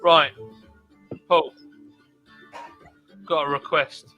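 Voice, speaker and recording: A man's voice: on the high side, level tone, extremely slow, pushed and bright, faint music behind. A man hosting a casual livestream chat, reading out viewer comments in a laid-back, chatty way. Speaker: livestream host. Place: home.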